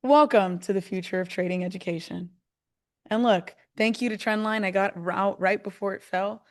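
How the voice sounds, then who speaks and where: A woman hosting a live stream, chatty and excitable, talking viewers through a trading demo step by step. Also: medium pitch, normal speed. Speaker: host.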